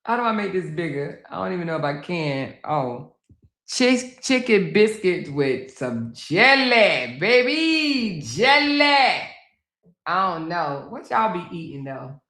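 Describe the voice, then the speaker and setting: A middle-aged woman chats through a casual livestream from home, exclamatory and talking straight to her viewers. Her voice sits a little low, and the room rings around her. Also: creaky. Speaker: livestream host. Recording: roomy echo.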